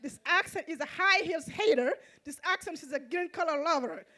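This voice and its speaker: High-voiced Mauritanian woman reciting a poem. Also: pushed and bright. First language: Fulani. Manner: measured, repetitive rhythmic delivery. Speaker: poet and event host. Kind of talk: spoken-word poem on stage. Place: outdoor arts festival stage.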